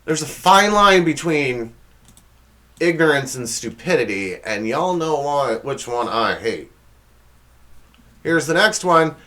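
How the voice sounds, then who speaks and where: A man hosts a comedic monologue. His voice sits a bit high and swings widely in pitch. He sounds sarcastic and exasperated, and he stumbles and restarts his sentences. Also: big pitch swings, takes it slowly, pauses often, fairly bright tone. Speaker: comedy show host.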